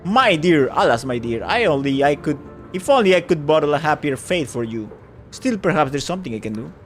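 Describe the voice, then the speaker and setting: A man's voice: on the high side, big pitch swings, fairly quick, faint music behind. A man voicing an old woman fortune teller who talks in a grand, flowery, scheming way. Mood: theatrical.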